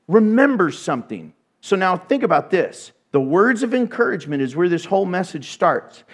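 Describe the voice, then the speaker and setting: A man with a notably high voice delivers a sermon. He retells the story in an animated, conversational way and slips in humorous asides. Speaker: preacher.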